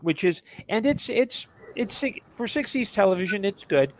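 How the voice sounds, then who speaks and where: A man's voice: sits high, lively intonation, normal speed, slight background noise, rough recording. A man co-hosting a podcast in casual chat about old TV shows, rambling with many restarts and asides. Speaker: podcast co-host.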